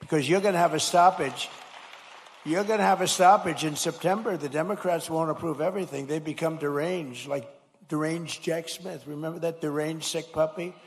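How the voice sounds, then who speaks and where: A man's voice: a little high, normal speed. A man, a politician, giving a rambling, repetitive and emphatic rally speech from a podium mic in a large school hall. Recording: long hall reverb.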